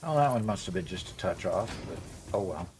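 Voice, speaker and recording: A man's voice: deep voice, lively intonation, a little fast, a little mellow, slight background noise. A man chatting casually on a gameplay livestream, rambling with fillers as he plays. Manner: rambling, many fillers and restarts. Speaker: streamer.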